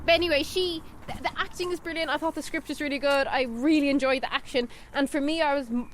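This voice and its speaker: High-pitched woman chatting emphatically about a film. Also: slight background noise. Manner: emphatic, chatty, quick to agree. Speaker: podcast co-host. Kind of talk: casual film review chat.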